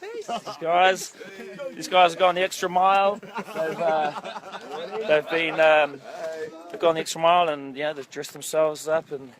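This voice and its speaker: Speaking a little slowly in a fairly high, steady voice with long pauses, a man directing a film livestreams as he walks an outdoor set by a lake, phone held at arm's length. The rough recording catches crowd and set noise behind him, and he rambles, jokes at his own expense, and says "um" often.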